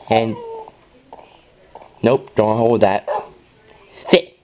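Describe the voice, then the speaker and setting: A man giving rambling, excitable gameplay commentary as host of his own channel, now and then breaking into high yells. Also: measured pace, pauses often, a little hiss or hum. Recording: dull lo-fi recording.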